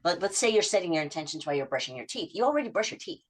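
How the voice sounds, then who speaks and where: A middle-aged woman habit coach in a podcast interview, telling client stories and acting out their quotes in lively voice shifts. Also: on the low side, rapid-fire.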